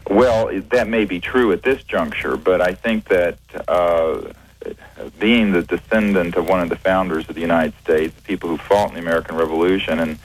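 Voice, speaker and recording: A very deep-voiced man talks as a guest on a radio interview. He speaks in a measured way, pausing often and restarting his sentences. The sound has the quality of a radio broadcast. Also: low-quality recording. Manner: measured, hesitant, many fillers and restarts. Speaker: guest, researcher.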